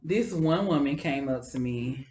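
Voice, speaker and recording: A woman's voice: a bass voice, unhurried, noisy background. A woman co-hosting a podcast, chatting casually and telling a story from work, acting out what people said to her. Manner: animated storyteller, quotes people in voices. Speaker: podcast co-host. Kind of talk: casual chat. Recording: roomy, distant from the mic.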